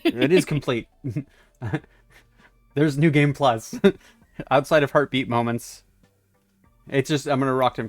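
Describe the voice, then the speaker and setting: A man's voice: mid-range voice, slow, pauses often, no echo, faint music behind. A man streaming a game live, chatting casually in a joking, self-mocking way.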